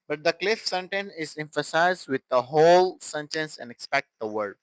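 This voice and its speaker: A man teaching English grammar in a halting way, with restarts and broken phrasing. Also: a little high, lively intonation, clear, resonant tone, dry recording, poor audio. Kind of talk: classroom grammar explanation.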